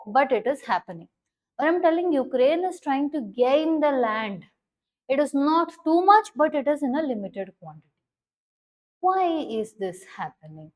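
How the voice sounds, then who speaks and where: A woman's voice: high voice, a little mellow, low-quality recording. A woman explaining current affairs as a teacher, stressing key words and often checking if listeners follow.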